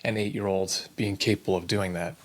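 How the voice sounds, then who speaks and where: A man's voice: low-pitched, fairly even intonation, brisk. A man in his thirties co-hosting a parenting podcast, chatting casually and asking thoughtful, guiding questions. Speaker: podcast co-host.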